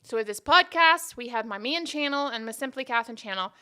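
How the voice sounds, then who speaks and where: A woman's voice: fairly high pitch, lively intonation, a little fast, sharp tone, clean tone. A woman hosting her own podcast, chatting casually and rambling off on tangents in a self-deprecating way. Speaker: podcast host. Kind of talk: casual solo podcast chat.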